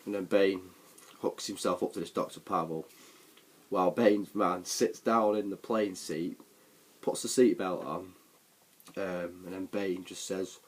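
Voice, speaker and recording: Low and husky, this man's voice keeps a steady tone and a measured pace. As a film reviewer, he recaps a movie for his vlog in a loose, rambling way, with lots of ums and restarts.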